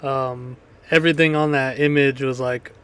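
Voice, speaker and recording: Man, casual co-host, laid-back, flat pitch, smooth clear tone. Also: normal speed. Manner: laid-back, laughs often. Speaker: podcast co-host. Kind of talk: casual chat.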